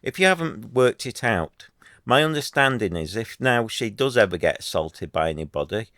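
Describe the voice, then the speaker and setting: Man, lower voice, dry close sound, earnest rambling commentary. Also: lively intonation, moderate pace, a bit bright, no room sound. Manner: earnest, rambling with many restarts and fillers. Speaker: YouTuber. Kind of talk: casual commentary to camera.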